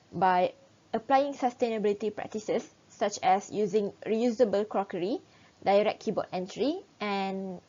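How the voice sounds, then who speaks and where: A young woman, a student reading a class presentation in a steady, read-aloud way with small restarts. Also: mid-range voice. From Malaysia. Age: young adult. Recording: dull lo-fi recording.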